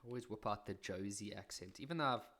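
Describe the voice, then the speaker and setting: A man's voice: fairly low pitch, fast talker, a bit bright. A man with a South African accent teaching a maths lesson on video, chatty and fond of self-deprecating jokes.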